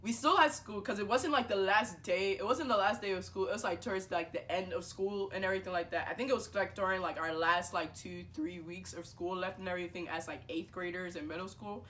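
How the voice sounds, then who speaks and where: A young woman vlogger telling a personal story in a casual, animated way, full of fillers and acted-out dialogue. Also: on the low side, brisk, hardly any pauses, slight background noise.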